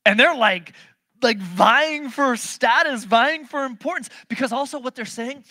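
Speaking at an ordinary pace, this preacher throws out rhetorical questions with animated emphasis. His volume rises into loud bursts and drops into hushed passages, with no room sound on the recording.

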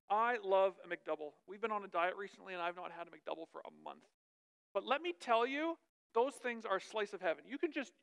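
Smooth-voiced woman preaching casually. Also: medium pitch. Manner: lively, chatty, asks 'right?' often. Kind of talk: conversational sermon.

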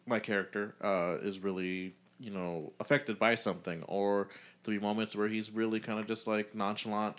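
A man hosting a casual podcast chat, who rambles with lots of fillers. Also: low voice. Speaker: podcast host.

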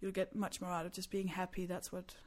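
A woman's voice: fairly low pitch, monotone, fairly quick, a little mellow. A young woman from Denmark talks like a stand-up comedian on a podcast. Her stories are frank and self-mocking, and laughter keeps breaking into her lines. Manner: candid, self-deprecating storyteller who laughs often. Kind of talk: casual podcast chat.

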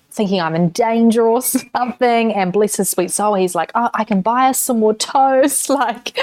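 A woman's voice: medium pitch, smooth, no echo. A woman with a New Zealand accent speaks in a medium register, telling a personal story on her own podcast. Her talk is loose and frank, with plenty of swearing. The recording is dry and close, with no room sound. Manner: candid storytelling with frequent swearing. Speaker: podcast host. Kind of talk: casual solo podcast monologue.

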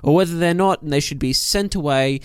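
A man's voice: on the high side, a little fast, clear, resonant tone, dry recording. A young man co-hosting a casual movie podcast, laid-back and rambling, swearing freely. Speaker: podcast co-host.

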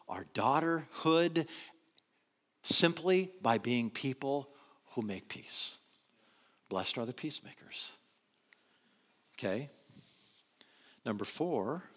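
A man preaching a sermon in an animated way, swinging between loud emphasis and quiet asides. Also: mid-range voice. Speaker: pastor.

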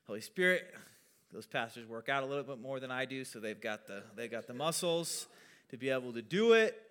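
A man's voice: medium pitch, a bit bright. A male pastor giving a casual teaching sermon in a conversational way, with self-deprecating asides.

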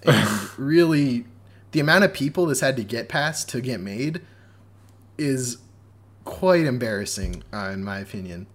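A man's voice: medium pitch, expressive, unhurried, fairly bright tone. A man co-hosting a podcast in casual chat, opinionated and analytical, often repeating words as he starts. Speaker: podcast co-host.

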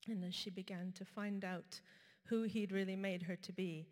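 A woman preaching a sermon, telling a personal story in a conversational way with frequent pauses and fillers. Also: medium pitch, steady tone, darkish tone. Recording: reverberant hall.

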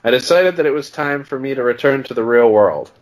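A man's voice: mid-range voice, expressive, brisk. Man reading a story with joking asides. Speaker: podcast co-host.

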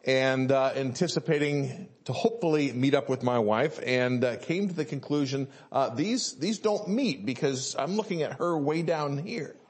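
A man's voice: medium pitch, moderate pace, hardly any pauses, a little mellow. A male pastor, preaching a sermon and telling a story with many fillers and restarts.

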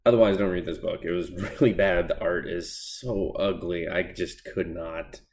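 A man's voice: low voice, flat delivery, unhurried, a little hiss or hum. A man hosting a podcast, casually reviewing comic books in a blunt, sarcastic, sweary way. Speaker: podcast host. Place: home desk.

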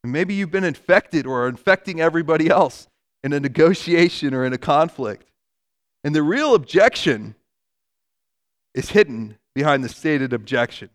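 A man preaching a conversational sermon, animated, acting out everyday quotes and vivid hypotheticals. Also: a little high, moderate pace.

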